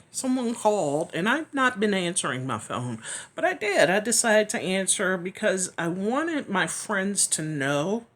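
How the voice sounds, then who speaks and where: A woman giving a heartfelt personal testimony, earnest and reflective, often pausing and sometimes dropping to a whisper. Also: mid-range voice. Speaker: chronic illness vlogger.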